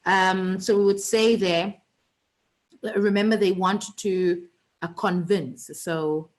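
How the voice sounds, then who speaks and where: A woman's voice: medium pitch, fairly even intonation, slow pace, rough recording. A woman teaching an online revision lesson, chatty and teasing, with many fillers and restarts.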